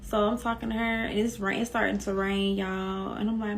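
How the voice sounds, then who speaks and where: A woman's voice: mid-range voice, flat delivery, fairly quick, few pauses, slight background noise. A young woman casually telling a personal story to her viewers, emphatic and repeating herself for effect. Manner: emphatic, repeats herself, addresses listeners as y'all.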